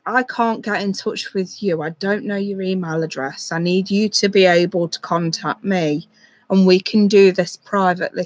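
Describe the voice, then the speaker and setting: Tarot reader, live stream, gentle reassuring tone, lots of ums and restarts, home webcam sound. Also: mid-range voice, no echo.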